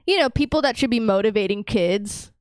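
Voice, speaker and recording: A young woman chats on a podcast in a blunt, casual way, laughing and swearing freely. Her voice is high and smooth. The recording is dry and close. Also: animated, fairly quick, dry recording. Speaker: podcast co-host. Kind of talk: casual chat reviewing a manga.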